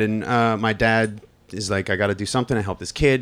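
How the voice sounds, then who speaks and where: A man's voice: deep voice, fast talker, few pauses. A man from Long Island telling a personal story live, candid and wry, swearing freely. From Long Island, New York.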